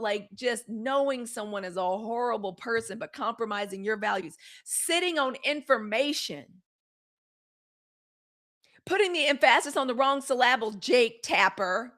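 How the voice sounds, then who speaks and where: Outspoken woman livestream news host. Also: a little high. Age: middle-aged. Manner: animated, blunt, swearing, reacts to viewer comments. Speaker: host of a live news commentary show. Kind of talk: livestream news commentary, reading chat.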